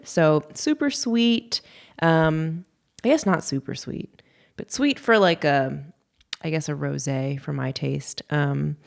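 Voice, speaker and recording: A woman with a notably low-pitched voice co-hosts a podcast. She chats in a friendly, easygoing way and often pauses with "um". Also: clear, resonant tone. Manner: friendly and chatty, with frequent "um" fillers. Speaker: podcast co-host. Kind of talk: casual chat.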